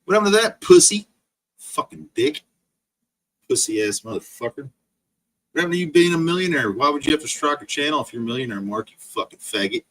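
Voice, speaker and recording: Bright-voiced man in a profane rant. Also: on the high side, expressive, fairly quick. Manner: profane, insult-laden ranting. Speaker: streamer. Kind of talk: angry livestream rant.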